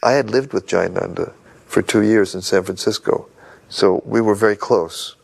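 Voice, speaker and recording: A man's voice: lowish voice, normal speed, creaky, slightly rough. An older man in an interview, earnestly telling a story from memory. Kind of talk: reminiscing interview.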